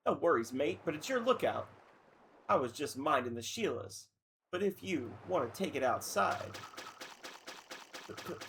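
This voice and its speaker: A man's voice: on the high side, slight background noise. A man voicing a brash, grumpy male dolphin monster in a put-on Australian accent, slangy and blustering.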